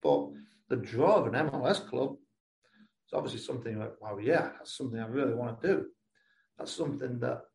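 A man's voice: medium pitch, gravelly, a little mellow, roomy sound. A man who coaches youth soccer, not American in accent, answering interview questions in an earnest, rambling way with many restarts. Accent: non-American English.

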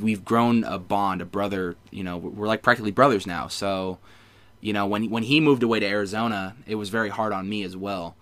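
A man hosting a podcast, earnest and halting, with many fillers. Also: lowish voice, fairly bright tone. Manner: earnest, hesitant, lots of fillers. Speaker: podcast host. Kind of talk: casual podcast interview.

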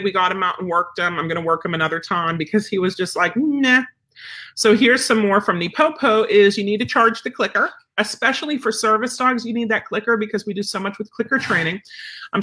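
A woman dog trainer chatting casually to viewers, rambling and filling pauses with um and you know. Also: mid-range voice, sharp tone. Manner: rambling, chatty, many fillers.

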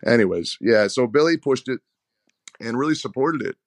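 A man who is a head wrestling coach, telling rambling, animated stories in a casual interview and often repeating his words. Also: mid-range voice, normal speed, dry recording, studio quality.

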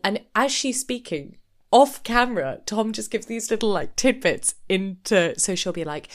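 A woman co-hosts a casual podcast chat. She is an animated storyteller who slips into the voices of the people she describes. Her voice sits at a middle pitch. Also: moderate pace. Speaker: podcast co-host.

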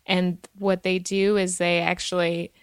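Smooth-voiced woman chatting casually. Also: fairly low pitch, little pitch movement, unhurried, no room sound, studio quality. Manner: chatty, giggly, many fillers. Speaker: podcast host. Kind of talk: casual chat.

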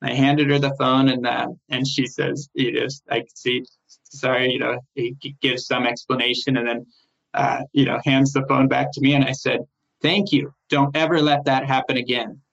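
Middle-aged man, firm manager, recounts anecdotes animatedly with mid pitch; slightly dull recording. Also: normal speed, gravelly. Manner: animated, rises in pitch when quoting others, frequent restarts. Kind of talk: conversational storytelling interview. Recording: slightly muffled, lo-fi sound.

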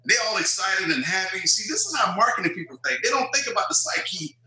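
A man's voice: high voice, brisk, echoey room, low-quality recording. A man, telling stories as an interview guest and acting out quotes. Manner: animated storyteller, acts out quotes. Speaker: guest, former football player. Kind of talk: storytelling interview.

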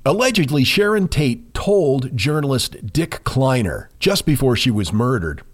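A man co-hosting a podcast, telling a ghost story in a measured way with dramatic pauses. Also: medium pitch, big pitch swings. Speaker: podcast co-host.

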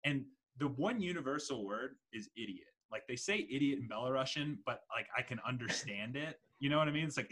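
A young man hosts a casual chat, telling a story in an animated way and swearing freely. His voice has a slightly husky edge at an ordinary pitch. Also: moderate pace.

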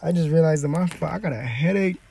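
A man's voice: a little high, fast, gravelly, mellow, slightly rough. A tired young man hosting his own podcast from inside a parked car, rambling in a laid-back, slangy way with plenty of fillers. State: tired and sleepy. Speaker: podcast host. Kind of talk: casual solo podcast chat.

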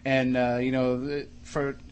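A man hosts a casual talk show in a radio studio, rambling and hesitant, often restarting his sentences. His pitch is middling. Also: flat delivery, measured pace, a little mellow, smooth.

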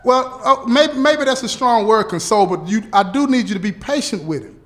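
A man playing a parole officer who explains things slowly and deliberately, checking in often with "okay?" and "right?". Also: very high voice, expressive, fairly bright tone. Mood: explaining. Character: patient male parole officer briefing a relative.

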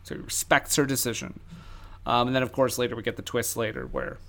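A man's voice: mid-range voice, very animated, fairly quick, creaky, sharp tone. A man co-hosting a casual film podcast, chatty and full of fillers. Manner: chatty, many fillers, laughs easily. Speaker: podcast co-host. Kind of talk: casual film review chat.

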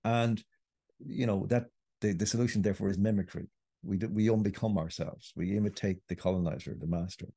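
A man's voice: lowish voice, steady tone, fairly quick, dark tone, breathy edge, no echo, studio quality. A middle-aged Irish man, a writer and podcast guest, making a long, earnest argument. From Ireland. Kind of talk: podcast interview.

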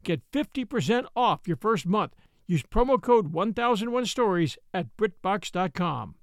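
A man's voice: sits high, big pitch swings, moderate pace, no room sound. A man hosting a show, reading a sponsor ad in an upbeat, enthusiastic way. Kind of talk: scripted ad read.

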